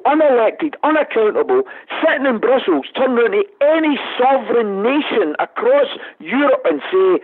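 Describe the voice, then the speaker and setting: Scottish man, impassioned, emphatic, husky voice, phone-line sound. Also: very high-pitched, sing-song, moderate pace, few pauses. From Scotland. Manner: impassioned, emphatic, calls host mate. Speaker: guest, politician. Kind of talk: passionate political argument by phone.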